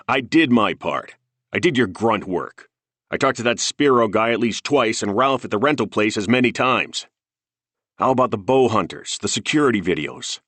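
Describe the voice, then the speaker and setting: A man's voice: deep voice, a bit bright, dry recording. A man doing a foul-mouthed, hot-tempered cop. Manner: snapping, profane, raising his voice.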